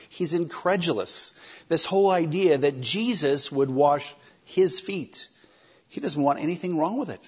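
Husky conversational male preacher. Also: a little high, highs cut off. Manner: animated, conversational, acts out quoted lines. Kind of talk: sermon.

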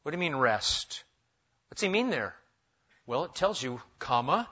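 A man's voice: a little high, very animated, measured pace, bright, forceful tone, dull audio. A man preaching an expository sermon in a conversational way, with joking asides. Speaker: pastor.

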